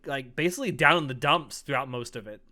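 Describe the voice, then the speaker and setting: A man's voice: medium pitch, fast, sharp tone. A man co-hosting a podcast, chatting casually and agreeably with frequent filler words. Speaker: podcast co-host. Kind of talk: casual anime discussion.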